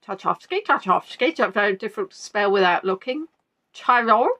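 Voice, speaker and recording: A woman's voice: mid-range voice, animated, normal speed, pushed and bright. A woman hosting a live quiz, reading out viewers' answers in a chatty, playful way and musing between questions. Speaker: quiz host.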